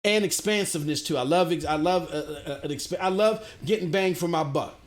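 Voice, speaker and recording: A middle-aged man streaming games, ranting and answering his chat in an animated way. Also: on the high side, brisk. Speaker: gaming streamer. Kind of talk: livestream commentary, answering chat.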